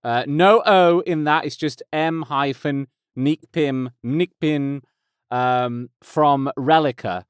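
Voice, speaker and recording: Male metal podcast host in his 30s, smooth clear voice, rambly and self-deprecating. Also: a little high, slow pace, no room sound, studio quality. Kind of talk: casual podcast intro. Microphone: close studio mic.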